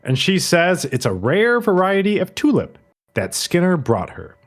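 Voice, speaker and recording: A man's voice: high-pitched, normal speed. A man co-hosting a podcast, animatedly recapping an episode in casual chat and acting out lines. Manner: animated storyteller, acts out lines. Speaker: podcast co-host.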